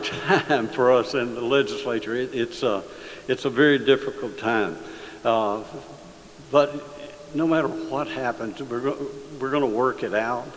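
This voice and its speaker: Folksy senator in a big hall. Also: male voice, medium pitch. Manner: easygoing storyteller, halting with fillers. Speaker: state senator. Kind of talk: folksy speech with a joke story. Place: large hall, addressing an audience. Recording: long hall reverb, faint hiss.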